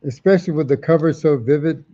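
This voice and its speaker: A man's voice: fairly high pitch, quick pace, warm tone, lo-fi sound. A man hosting a live comic auction stream, chatting casually, repeating prices and titles and reading out viewer comments.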